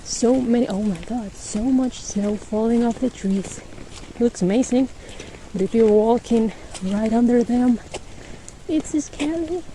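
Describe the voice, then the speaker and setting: A woman's voice: a little high, a little slow, mellow, slight background noise, rough recording. A woman hosting a podcast, chatting in a rambling casual way while walking outdoors on a snowy street, laughing often and a little winded. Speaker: podcast host.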